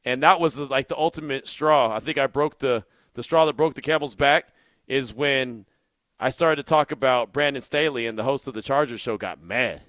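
Brief: male sports podcast host, bright tense voice, dry close mic, animated storyteller. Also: mid-range voice, normal speed, dry recording. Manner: animated storytelling, gets loud and incredulous. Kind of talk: solo sports podcast commentary.

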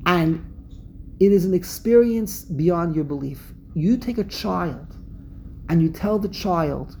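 A woman from Brooklyn with a Brooklyn accent, giving a religious lesson with an animated storyteller's habit of repeating and restarting phrases. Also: lowish voice, takes it slowly, a little hiss or hum, rough recording. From Brooklyn, USA. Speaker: religious teacher. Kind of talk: Passover lesson talk.

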